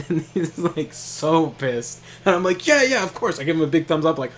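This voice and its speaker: A man's voice: a little high, normal speed, slight background noise. A young man casually telling a funny story to his brother while they play a game, laughing often and swearing freely. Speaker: co-host of a gaming stream.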